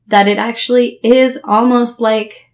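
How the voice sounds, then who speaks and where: A woman's voice: a little high, steady tone, measured pace. A woman co-hosting a podcast, chatting casually and rambling with fillers, laughing often. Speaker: podcast co-host. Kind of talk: casual chat.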